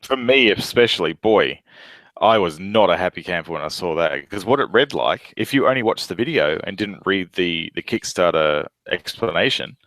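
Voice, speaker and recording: A man's voice: low-pitched, lively intonation, normal speed, fairly bright tone, no echo. A man who is a parent, co-hosting a podcast in casual chat, with exclaiming, wry asides.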